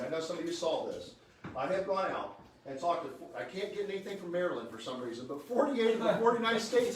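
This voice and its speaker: A man's voice: sits high, a little hiss or hum. A man giving an informal political speech to a live audience. He is fired up and joking, and keeps quizzing the crowd with questions. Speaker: state senator. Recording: very echoey room, speaker far from the mic.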